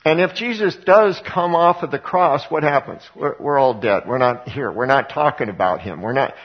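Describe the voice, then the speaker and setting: A man's voice: mid-range voice, moderate pace, husky, highs cut off. A male pastor preaching a conversational sermon to his congregation, full of rhetorical questions. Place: church sanctuary before a congregation.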